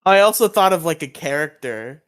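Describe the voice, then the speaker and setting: A man's voice: on the high side, lively intonation, a little fast, fairly bright tone. A man co-hosting a casual podcast chat, stammering through restarts and laughing often. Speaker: podcast co-host.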